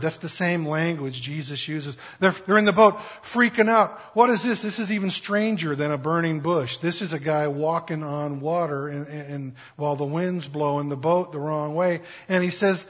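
Man preaching, husky voice, slightly high, joking conversational delivery, muffled lo-fi sound. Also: moderate pace, few pauses, fairly bright tone. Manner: conversational, playful, acts out quotes with jokes. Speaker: pastor. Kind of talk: sermon.

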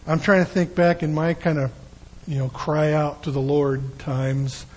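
A man's voice: a little high, steady tone, a little slow, slightly rough, poor audio. An older man giving a folksy, conversational sermon with frequent asides. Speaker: preacher.

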